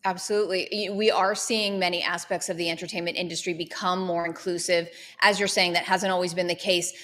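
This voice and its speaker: A woman of Lebanese background hosts an interview and asks measured, prepared questions. Her voice sits a little low for a woman. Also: flat delivery, fairly bright tone.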